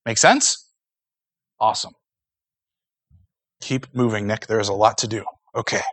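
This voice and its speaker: A man's voice: on the low side, measured pace, a bit bright. A man preaching a sermon in an earnest, conversational way, acting out little asides as he goes. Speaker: pastor.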